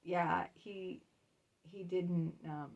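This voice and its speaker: Chatty woman with a gravelly voice. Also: fairly low pitch, fairly even intonation, drawn-out words, a little mellow, recorded from a distance, muffled recording. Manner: chatty and candid, laughs between lines. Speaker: author and vlogger. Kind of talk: casual storytelling vlog.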